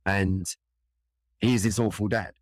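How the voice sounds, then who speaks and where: A man's voice: fairly low pitch, steady tone, takes it slowly, no room sound, clean studio sound. A middle-aged man with a London accent, telling a personal story in an earnest, reflective way. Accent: London English. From England. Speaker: interview guest, firefighter.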